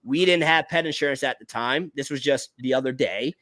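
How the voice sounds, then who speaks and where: An American man hosting a casual talk. He tells animated personal stories, often restarts his words and calls people "bro". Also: medium pitch, brisk, no echo. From United States. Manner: animated storytelling, repeats words, says bro. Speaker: podcast host. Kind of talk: casual conversation.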